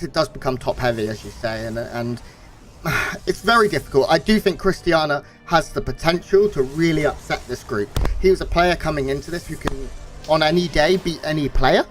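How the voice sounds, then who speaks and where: Relaxed male color caster. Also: a little high, normal speed, soft background music. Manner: analytical, relaxed, with fillers. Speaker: esports co-caster. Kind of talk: color commentary.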